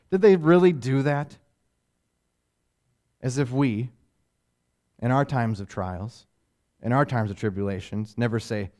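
A man preaching a sermon in an earnest, conversational way. His voice is mid-pitched, with plenty of rhetorical questions and casual asides as he builds intensity. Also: animated, a little slow, darkish tone. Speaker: pastor.

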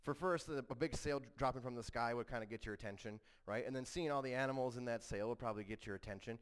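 A man's voice: mid-range voice, fast, smooth. A male pastor preaching a sermon in a conversational way, often stopping to ask "right?" and restarting sentences.

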